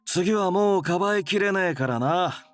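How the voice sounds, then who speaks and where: A man's voice: high voice, fast, close to an everyday voice. An actor playing a brusque, teasing older male office director in a game. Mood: gruff, teasing. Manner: brusque, teasing, rough speech. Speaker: game character.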